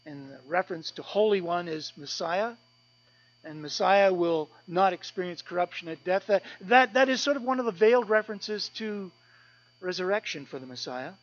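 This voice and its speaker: Earnest high-voiced pastor preaching. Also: male voice, animated, moderate pace, dull audio. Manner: earnest, emphatic, often repeats words as he goes. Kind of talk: sermon. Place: church service.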